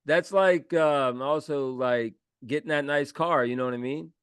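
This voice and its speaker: A man's voice: fairly high pitch, a little slow, a bit bright, clean tone, dry recording. A man hosting a podcast in casual chat, rambling and filling his talk with "like". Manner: rambling, lots of "like" and laughs. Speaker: podcast host.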